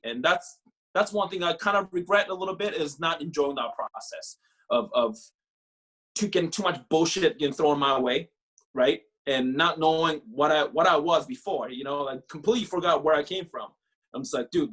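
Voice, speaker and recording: A young man from Canada, a podcast guest and former pro ballplayer, telling his story in a casual, profane, animated way full of filler phrases. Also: fairly high pitch.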